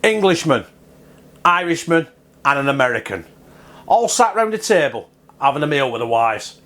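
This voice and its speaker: A man's voice: on the high side, very animated, moderate pace, a bit bright. A man chatting casually and swearing freely while he cooks in his own video, rambling off topic and joking as he goes. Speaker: home cook vlogger. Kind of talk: casual cooking vlog.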